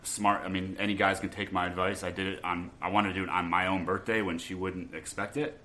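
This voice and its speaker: A man's voice: sits low, level tone, a little fast, sharp tone, slight background noise. A man guest in casual podcast chat, rambling and hesitant with lots of ums. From Florida.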